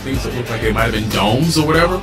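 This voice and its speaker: A man's voice: medium pitch, expressive, fast. A man telling a story in casual conversation, confident and conspiratorial. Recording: loud music over the voice.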